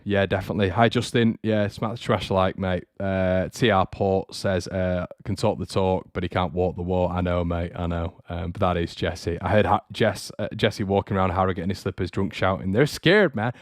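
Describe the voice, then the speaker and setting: A young man talks in a loose, rambling livestream chat and stops now and then to read out viewer comments. His voice sits low. The close mic gives a dry sound with no room in it. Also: level tone, brisk, hardly any pauses, no room sound. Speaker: fan channel host.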